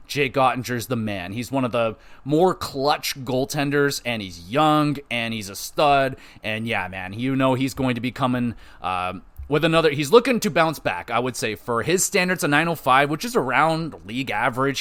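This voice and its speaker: A man hosting a casual solo sports podcast, rambling through stats with frequent swearing and quick self-corrections. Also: mid-range voice, fairly bright tone. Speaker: podcast host.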